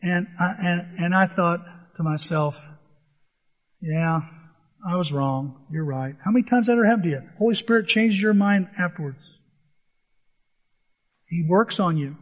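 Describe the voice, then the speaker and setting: A male pastor preaching a sermon, telling stories in an animated way and acting out the dialogue. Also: sits high, moderate pace. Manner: animated storytelling, acts out dialogue. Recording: dull, long reverb in a hall.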